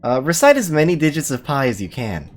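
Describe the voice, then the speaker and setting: A woman's voice: sits low, sing-song, quick pace, faint music behind, voice pushed up. A woman putting on the voice of an upstanding scientist in a visual novel read aloud, speaking in an overly formal, businesslike way. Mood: brisk.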